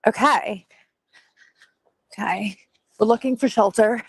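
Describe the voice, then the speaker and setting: Calling a live show from a rain-soaked city street, this contestant speaks slowly at a medium pitch, with a breathy edge and nervous laughter that betrays her hesitance and self-consciousness. The audio quality is poor.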